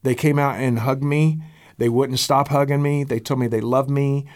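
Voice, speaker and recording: Earnest American pastor telling a story. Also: male voice, mid-range voice, fairly even intonation, a little mellow. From United States. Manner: earnest, halting with fillers and repeats. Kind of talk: interview storytelling.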